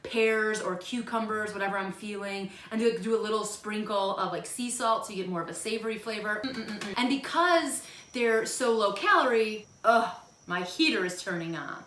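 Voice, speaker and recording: A woman's voice: moderate pace, a bit bright, a little hiss or hum. A woman, in her thirties, chatting casually in a vlog at home, self-deprecating and jokey. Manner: chatty, self-deprecating, bursts into silly high voices. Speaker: vlogger. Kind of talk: casual monthly favorites vlog. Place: home room. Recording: echoey room.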